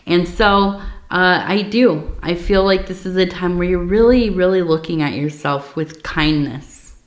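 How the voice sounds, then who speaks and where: A woman giving a tea leaf reading in a soft, reflective, meandering way, with many fillers and pauses. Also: fairly low pitch. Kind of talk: intimate spoken reading. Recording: roomy echo.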